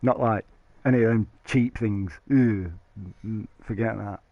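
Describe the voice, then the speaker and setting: A man's voice: on the low side, steady tone, measured pace, no room sound, highs cut off. A man chatting casually to stream viewers, rambling and joking, laughing often. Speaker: live streamer.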